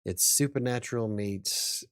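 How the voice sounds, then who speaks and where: A man hosting a casual interview, easygoing and a bit halting as he talks. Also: mid-range voice, fairly bright tone, smooth, no echo, studio quality. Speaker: host.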